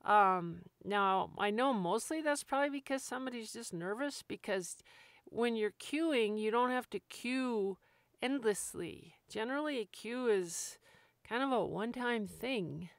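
Frank woman podcast host, smooth voice. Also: on the high side, no room sound. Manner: frank, animated, acts out nagging with quick asides. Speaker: dog training podcast host. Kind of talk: casual instructional talk.

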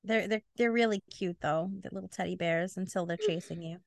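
A woman's voice: lowish voice, vocal fry, no echo, studio quality. A young woman co-hosting a book podcast in casual chat, joking and laughing often. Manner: joking, playful, quick to laugh.

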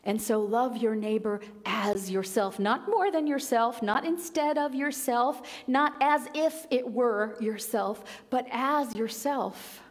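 A woman pastor delivers a sermon in a gentle, reflective way. She repeats key phrases for emphasis, her voice sitting a little high. The sound rings out with the long reverb of a large worship hall. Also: measured pace, hardly any pauses.

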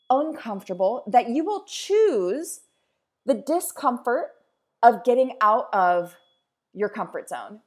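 A woman in her thirties hosting a podcast, talking to listeners in an emphatic, repetitive pep-talk style. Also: on the high side. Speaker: podcast host. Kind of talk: motivational podcast monologue.

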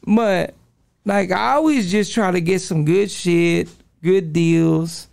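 Podcast guest, man, 40s, high-pitched and heavily gravelly, loose profane street talk. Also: slow, a little mellow, no echo, clean studio sound. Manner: profane street slang, calls listener dog. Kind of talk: casual interview storytelling.

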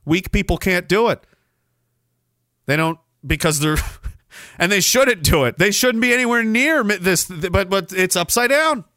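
A man's voice: high voice, expressive, measured pace, sharp tone, no echo, studio quality. A Canadian man hosting a podcast, ranting angrily in a solo commentary with sarcastic mocking asides. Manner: angry, sarcastic, mocking imitations. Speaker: podcast host.

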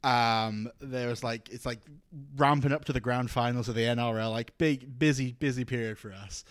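A Scottish man with an ordinary mid-range voice, chatting as a guest on a podcast. He is relaxed, laughs often and swears casually. The recording is dry and close. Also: medium pitch, moderate pace, no echo. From Scotland. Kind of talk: casual chat.

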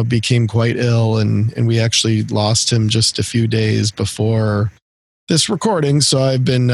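A man's voice: mid-range voice, creaky, a little mellow, no room sound. A middle-aged man from the area co-hosting a casual music podcast, rambling with lots of fillers and restarts. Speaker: podcast co-host.

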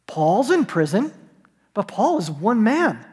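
A man with a high, light voice preaches from the pulpit, his words ringing out in a long echoing hall. He tells a story, drops to a soft hush at tender moments, and builds to emphatic, rising calls. It sounds like a church sanctuary. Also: sing-song, slow, husky. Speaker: pastor. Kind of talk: sermon.

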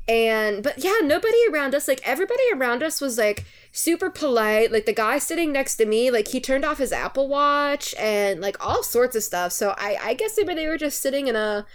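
New York woman, quick casual chatter. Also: high-pitched. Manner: animated, quick, laughs often. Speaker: podcast co-host. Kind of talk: casual chat.

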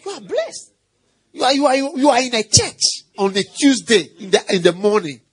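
A middle-aged man preaching a sermon as pastor, animated and playful, quizzing the congregation and mimicking animal noises. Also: very high-pitched, moderate pace, husky.

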